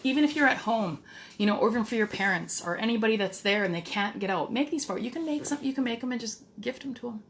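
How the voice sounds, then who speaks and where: A woman's voice: fairly high pitch, animated, fast talker, slight background noise. A middle-aged woman talking casually to the camera in a DIY vlog, chatty and blunt, with some mild swearing. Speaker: DIY vlogger.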